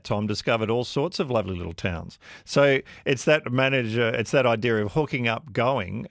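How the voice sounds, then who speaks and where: A man's voice: mid-range voice, creaky, no room sound, clean studio sound. An Australian man hosting a radio chat show, reading listener messages and talking with a guest in a conversational way. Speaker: radio host.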